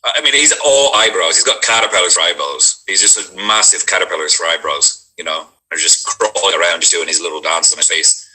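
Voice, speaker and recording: A man's voice: sits low, fairly quick, hardly any pauses, pushed and bright, poor audio. A man, an actor, chatting casually and rambling about doing accents, with lots of fillers. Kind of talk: casual chat.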